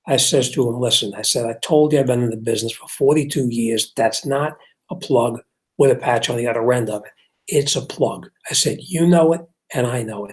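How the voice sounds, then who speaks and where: A man's voice: mid-range voice, fairly quick. An older man who runs a repair shop, hosting a casual talk show and telling a long story in a rambling way, acting out both sides of an argument. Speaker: car repair shop owner and show host.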